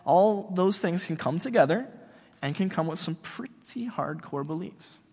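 A man preaching a sermon in a relaxed, chatty way, full of slang and fillers. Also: high-pitched, unhurried, gravelly, slightly rough, in a large hall. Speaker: pastor.

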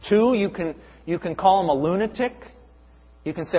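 Young male preacher, husky, slightly high voice, emphatic, lo-fi hall recording. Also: moderate pace. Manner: rising to emphatic, lengthy repeated lists. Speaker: pastor. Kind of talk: sermon. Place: church hall. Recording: echoey hall, dull lo-fi sound.

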